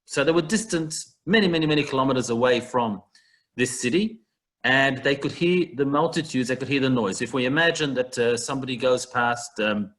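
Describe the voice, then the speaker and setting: In an online text study class, a man explains a Talmud passage over a video call. His voice is mid-range, a little fast and a bit bright, and he keeps the discussion conversational with ordinary comparisons.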